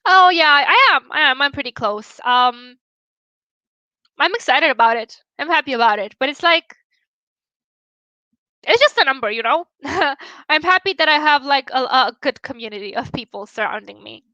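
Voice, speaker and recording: A woman's voice: sits high, animated, moderate pace, pushed and bright, no room sound, lo-fi sound. A young woman from Romania with a Romanian accent, chatting casually with viewers on a stream, laughing often and swearing freely.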